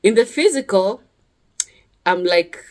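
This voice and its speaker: A woman's voice: mid-range voice, animated, takes it slowly. A woman telling a personal testimony in a casual vlog, chatty and earnest, often checking in with her listeners. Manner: chatty, checks in with listeners by asking "yeah?" again and again; earnest and emphatic, sometimes rising sharply on key words. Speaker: vlogger sharing a personal testimony.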